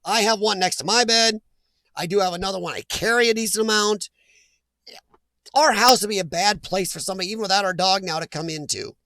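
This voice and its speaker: A man's voice: sits high, brisk, pushed and bright, no echo. A man hosting a casual livestream chat, reading viewer comments and giving blunt opinions with easy laughs. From Midwestern US. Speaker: livestream host.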